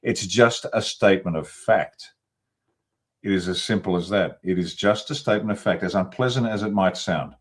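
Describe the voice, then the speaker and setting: A man speaks in a fairly low voice, blunt and emphatic, reeling off long lists as he makes his case. He is a guest in a political interview, talking over a video call. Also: normal speed. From Australia. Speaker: guest commentator.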